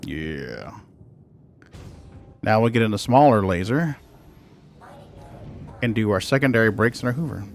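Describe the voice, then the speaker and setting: A man with a gravelly, mid-pitched voice chats through a space game as he plays. His talk is loose and easygoing, and he breaks off now and then to fuss over his cats. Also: a little fast, pauses often, slight background noise. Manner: chatty, talks to his cats between plays. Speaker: streamer. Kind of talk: casual gameplay commentary.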